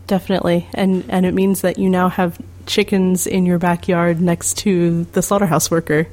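A woman's voice: on the low side, flat delivery, normal speed, darkish tone. A woman hosting a casual podcast interview, laughing along and giving brief prompts. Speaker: podcast host.

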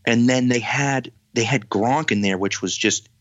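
A man who is a guest on a casual podcast, telling stories in an animated, exasperated way. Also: medium pitch, unhurried, no echo. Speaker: podcast guest, football writer. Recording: dull dry lo-fi sound.

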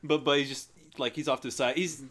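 A man's voice: mid-range voice, fairly even intonation, fast, a bit bright. A man brainstorming story ideas in casual chat, easygoing, laughing a lot and tripping over his words.

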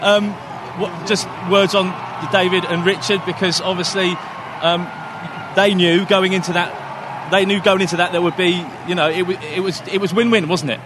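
A man working as a sports reporter, asking quick, friendly questions in a field interview. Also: high voice, fairly even intonation. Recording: noisy outdoor recording with crowd.

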